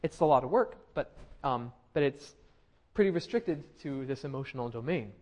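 A man's voice: medium pitch, lively intonation, moderate pace, a little mellow. A man giving a classroom lecture, conversational, with frequent fillers and restarts, asking the class questions. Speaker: university lecturer.

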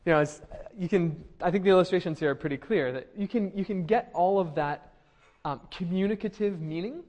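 Chatty male lecturer, slightly higher voice. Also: brisk, a little mellow. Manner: conversational, frequent fillers and restarts, asks the class questions. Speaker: university lecturer. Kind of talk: classroom lecture. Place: classroom.

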